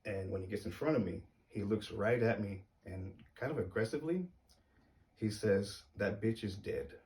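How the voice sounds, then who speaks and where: A man telling a personal story to camera in a casual, hesitant way, uneasy and halting. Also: on the low side, animated, a little mellow, recorded from a distance.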